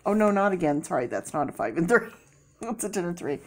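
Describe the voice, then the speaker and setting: A woman giving a casual tarot reading, chatty with many fillers and sudden excited bursts. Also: lowish voice, fairly quick. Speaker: tarot reader.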